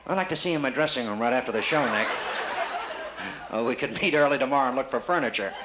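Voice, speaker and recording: A medium-pitched male comic talks fast as he mocks a man in the audience during his live stand-up act. The setting is a casino showroom stage, captured on roomy, noisy 1960s vinyl with the crowd laughing.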